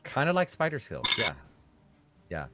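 A man running a tabletop game as game master, halting, with many fillers and restarts. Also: mid-range voice, huge pitch swings, very noisy.

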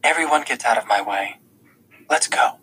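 A man reading an audiobook, voicing a blind teenage girl who is quick to anger and caring, often speaking softly or in a whisper with a higher lilt. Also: expressive, slight background noise, poor audio.

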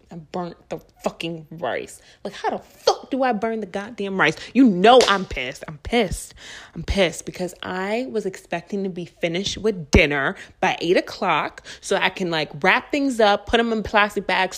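A young adult woman vlogging to her viewers, telling stories in a blunt, profane and animated ranting way. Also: mid-range voice. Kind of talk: casual ranting monologue.

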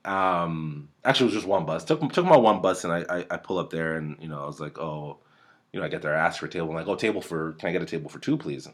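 Sitting close to a desk mic in a room at home, a podcast host in his thirties rambles through a casual, profane story. He has a low voice and talks fast.

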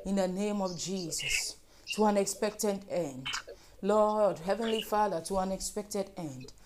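A woman's voice: medium pitch, unhurried, slight background noise. A woman leading fervent group prayer, repeating petitions and breaking into speaking in tongues. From Africa. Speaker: prayer leader.

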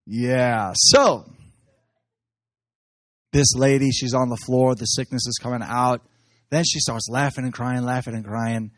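A man preaching, telling excited stories from his services and often laughing as he talks. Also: medium pitch, unhurried, long pauses, no room sound, studio quality. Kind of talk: animated sermon storytelling.

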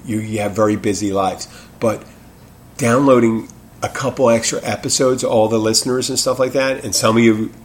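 Rambling low-voiced man hosting a podcast. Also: a little hiss or hum. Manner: rambling, self-interrupting, frank and profane. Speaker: podcast host. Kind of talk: casual solo podcast monologue.

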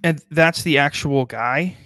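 A man's voice: a little high, fairly bright tone, no echo, studio quality. A man co-hosting a podcast in casual comedic chat, riffing and swearing freely. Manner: riffing, profane, does quick mock voices. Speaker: podcast co-host.

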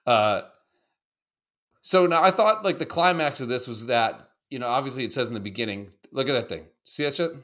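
A man chatting loosely on a livestream, reacting to clips with lots of cursing and jokes. His voice is bright and edgy and leaps around in pitch. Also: brisk. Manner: animated, profane, joking. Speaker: co-host. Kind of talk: casual livestream video reaction chat.

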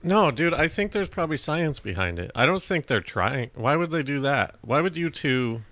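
A man's voice: on the high side, very animated, normal speed, a bit bright, no room sound. Skeptical, questioning male podcast co-host. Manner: skeptical, questioning, pushes back. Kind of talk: casual chat.

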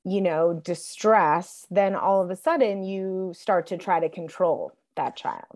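A woman in her forties, a guest on a podcast, talking reflectively and softly with frequent pauses. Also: fairly low pitch, expressive. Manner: reflective, soft-spoken, many fillers. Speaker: guest, TV writer and producer. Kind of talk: casual conversation.

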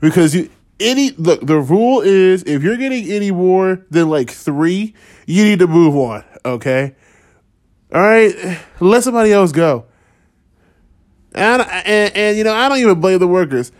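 A man in his thirties ranting in a casual, profane, rambling way, sarcastic and quick to laugh. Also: high voice, lively intonation. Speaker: podcast host. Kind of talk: casual rant.

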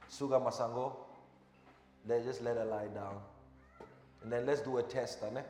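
Pastor in an echoey hall. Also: male voice, mid-range voice, fairly even intonation, moderate pace, pauses often. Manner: quizzes the congregation with short questions, then gives soft instructions. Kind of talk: sermon and live demonstration. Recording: echoey hall with music behind.

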